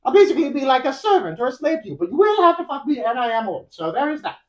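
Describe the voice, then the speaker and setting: A podcast host voicing a crude, scheming old hag who is secretly a witch, shouting her bargain in a shrill voice. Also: big pitch swings, rapid-fire, highs cut off. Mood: wheedling.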